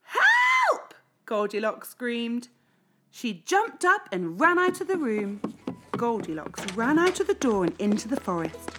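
A woman reading a children's story aloud as storyteller, with an expressive, sing-song delivery. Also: on the high side, unhurried, background noise.

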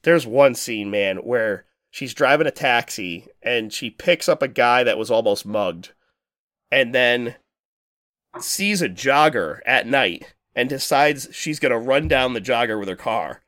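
A man talking loosely on a podcast, rambling from one point to the next, with lots of swearing and quick laughs. His voice sits in a middle register and sounds dry and close to the mic. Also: mid-range voice, lively intonation, fairly bright tone, dry recording. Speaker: podcast co-host. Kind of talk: casual chat.

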